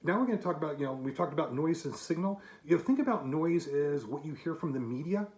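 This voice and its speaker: A man's voice: on the high side, animated, fast, darkish tone, reverberant. A man in his fifties giving an emphatic, argumentative monologue to camera with rhetorical asides. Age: 50s. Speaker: commentator.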